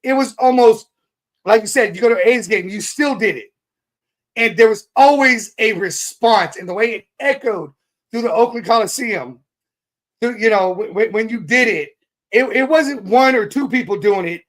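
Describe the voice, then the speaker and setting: High-voiced man reminiscing on a podcast. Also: normal speed. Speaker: podcast co-host. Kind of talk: casual chat.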